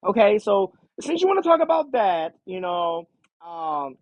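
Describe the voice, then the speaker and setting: A man's voice: sits high, big pitch swings, highs cut off, pitched above the performer's own voice, full character voice. A man putting on the voice of a spoiled young woman, whining and pleading with her father for money. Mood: whiny pleading. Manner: whiny, drawn-out pleading with repeated "daddy".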